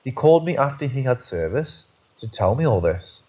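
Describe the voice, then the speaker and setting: Man narrating scary stories, lively pitch. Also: normal speed. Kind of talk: scripted narration of first-person scary stories.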